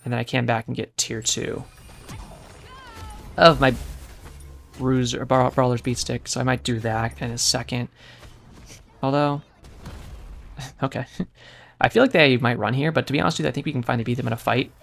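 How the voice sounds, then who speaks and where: Gravelly, brash gamer man. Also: medium pitch, fairly even intonation, normal speed, pauses often, fairly bright tone, slight background noise. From United States. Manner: brash, profane, sarcastic banter. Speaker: gameplay commentator. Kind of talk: casual gameplay commentary.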